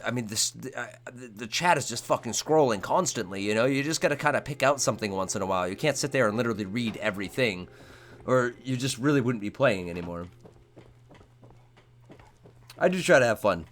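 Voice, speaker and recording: A man's voice: medium pitch, lively intonation, quick pace, fairly bright tone. A young man hosting a game live stream, talking casually with his chat in a rambling, profane way.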